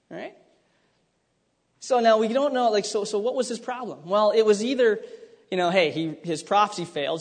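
Animated male preacher in a reverberant hall. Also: high voice, husky. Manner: animated, acts out scripture voices, many restarts. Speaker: pastor. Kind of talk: sermon.

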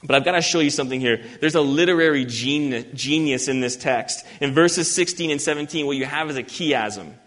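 A man preaching an expository sermon, earnest and emphatic, reading scripture slowly. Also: on the high side, fairly bright tone. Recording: long hall reverb.

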